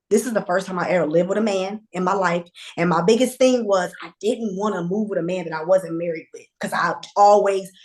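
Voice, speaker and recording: A woman guest telling a candid personal story in a conversational, animated way, with fillers and restarts. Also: medium pitch.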